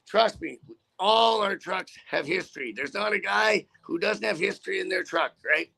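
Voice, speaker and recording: A middle-aged man who drives trucks talks in casual chat, blunt and full of curses. His voice sits high and gravelly, with a bright edge. He rambles and often restarts his sentences. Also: normal speed.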